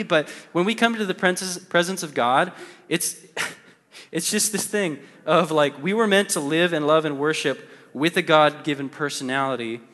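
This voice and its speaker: A man's voice: fairly high pitch, moderate pace, fairly bright tone. A man preaching a sermon in a church, talking conversationally with many fillers, playful at times and earnest at others. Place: church sanctuary. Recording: long hall reverb with faint music.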